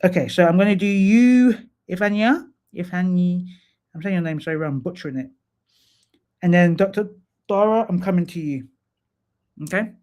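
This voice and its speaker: A man hosts a casual live stream, talking straight to his viewers and giving frank feedback. His voice sits a touch higher than most men's. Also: animated, brisk, pauses often, a little mellow. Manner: chatty, candid, talks to viewers by name; drops into sung snatches and playful asides. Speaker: live stream host reviewing profiles.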